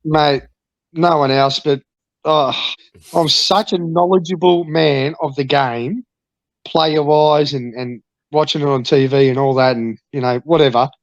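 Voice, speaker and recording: A man's voice: a little high, steady tone, measured pace, no echo. Ranting, sweary Australian man, dull dry audio. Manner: swearing, ranting, mock-boastful. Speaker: podcast guest. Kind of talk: ranting casual chat.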